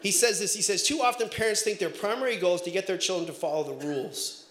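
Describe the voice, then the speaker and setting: A middle-aged man preaching a sermon as pastor, telling family stories in an animated way with bursts of shouting. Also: high voice, fast talker. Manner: animated storytelling, breaks into shouts and laughter. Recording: echoey room.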